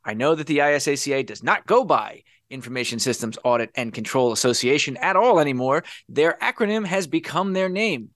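A man's voice: fairly high pitch, a little fast, few pauses, no room sound, clean studio sound. A man hosting a podcast in a casual chat, wry and sarcastic as he sets up the topic. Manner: wry, sarcastic, lively delivery. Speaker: podcast host.

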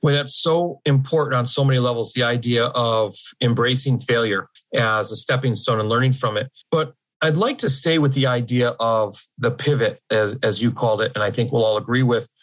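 A man's voice: medium pitch, normal speed, few pauses. A man hosting a podcast interview, reading a guest introduction and then chatting in a friendly, slightly formal way, laughing easily. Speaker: podcast host.

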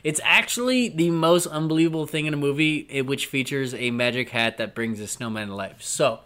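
A man's voice: medium pitch, a little fast, a bit bright, clean tone. A man co-hosting a podcast, chatting casually and joking, laughing often and slipping into silly voices. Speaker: podcast co-host. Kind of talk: casual chat.

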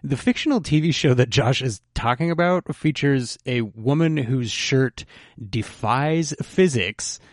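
A man's voice: mid-range voice, measured pace, dry recording, studio quality. A man hosting a casual anime podcast, teasing his co-hosts and joking around with plenty of fillers. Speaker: podcast host.

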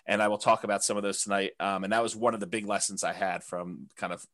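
Halting, candid man teaching a class. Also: on the low side, level tone, a bit bright. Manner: halting, full of restarts and fillers. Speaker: real estate class instructor.

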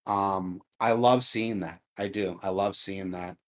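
A man with a lowish voice co-hosts a casual gaming podcast. He speaks earnestly and steadily, pausing often on ums as he reads through the news. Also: fairly even intonation. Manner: earnest, measured, frequent ums. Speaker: podcast co-host.

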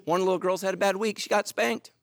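A middle-aged man preaching a sermon, telling stories animatedly, moving between loud excitement and low, earnest intensity. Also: fast talker, no room sound. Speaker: pastor.

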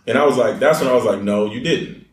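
A young man telling a story in casual chat, animated, acting out quotes and often laughing. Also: medium pitch, fast talker. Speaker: reality show contestant telling a story. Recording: echoey room, far from mic, faint noise.

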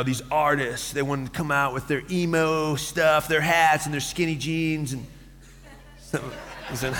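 A man in his thirties preaching a sermon as pastor, telling stories with lively acted-out quotes and laughter. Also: high voice, long reverb tail.

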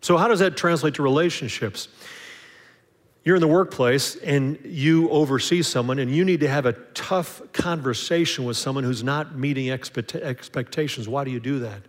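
A man's voice: mid-range voice, normal speed, long reverb tail. A man preaching a sermon in a conversational way, acting out little dialogues and often restarting his sentences. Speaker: pastor.

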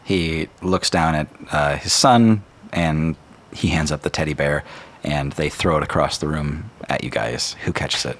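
Deep-voiced man running a tabletop game. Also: unhurried. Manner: relaxed, easygoing narration with fillers. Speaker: game master.

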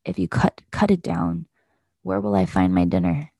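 A woman voicing a hungry male jaguar in a children's storybook, speaking in a low growl. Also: big pitch swings, moderate pace, vocal fry, mellow, breathy edge, full character voice.

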